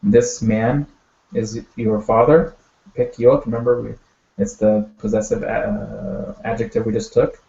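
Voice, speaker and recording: A man teaching a language class, explaining words step by step in a patient way, with many pauses and fillers. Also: fairly low pitch, level tone, vocal fry, warm tone. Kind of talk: online language lesson. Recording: echoey, dull audio.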